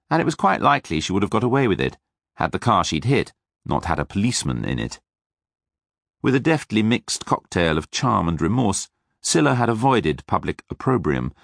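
A man narrating an audiobook in a wry, measured way. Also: deep voice, creaky, a bit bright, dry recording, clean studio sound. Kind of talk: scripted narration.

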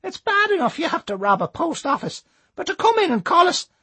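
A man voicing a cranky elderly woman with a walking frame, scolding in a shrill, indignant way. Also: very animated, brisk, bright, forceful tone, no room sound, heavily acted.

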